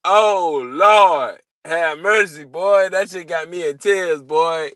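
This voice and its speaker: A man's voice: sits high, slow pace, pushed and bright, no echo. A man in casual, profane boxing banter, often breaking into laughter. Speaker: co-host.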